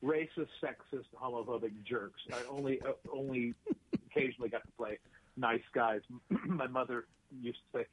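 A man's voice: mid-range voice, normal speed, slight background noise. A man, an actor and writer, telling rambling anecdotes in a casual interview, full of fillers and restarts. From United States. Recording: tinny phone-like line.

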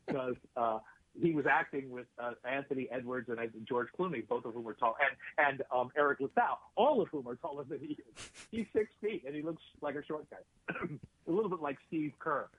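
A man's voice: medium pitch, expressive, fairly quick, slightly rough. A man, an actor and writer, telling rambling anecdotes in a casual interview, full of fillers and restarts. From United States. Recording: tinny phone-like line.

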